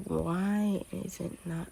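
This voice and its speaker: A woman's voice: on the low side, gravelly, sharp tone, breathy edge. A woman casually talking through her own video game play, often dropping into a whisper. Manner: chatty, keeps drifting into whispers. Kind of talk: casual gameplay commentary.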